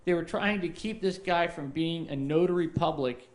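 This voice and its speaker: Halting, rambling man on a podcast. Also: on the high side. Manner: rambling, halting storytelling with many fillers. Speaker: podcast co-host. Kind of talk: casual podcast chat.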